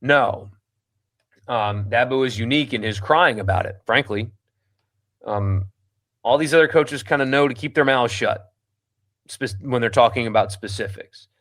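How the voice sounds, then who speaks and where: A man's voice: medium pitch, moderate pace, long pauses, a bit bright. A man hosting a sports talk show, reading listener comments aloud and answering them bluntly, with a lot of ums and restarts. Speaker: sports radio host.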